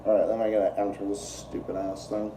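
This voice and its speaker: A man's voice: on the low side, little pitch movement, fast talker, dark tone, echoey room, distant mic, slight background noise. A young man hosting a livestream, ranting in a profane, repetitive and exasperated way. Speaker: political livestream host. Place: room at home, eating while streaming.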